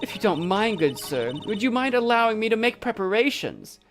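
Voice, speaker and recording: A woman's voice: on the high side, sing-song, fairly quick, faint music behind. A woman voicing a stiff, formal aristocratic woman who speaks in a prim, overly polite way.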